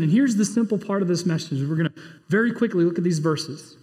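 A pastor delivers a brisk sermon in a high, bright voice, swinging from emphatic, rising bursts to low, quiet asides. The church hall gives his words a long, ringing reverb.

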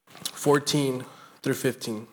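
A man's voice: mid-range voice, fairly even intonation, slow. A man preaching a sermon as pastor, earnest and emphatic, driving his points home with repeated phrases.

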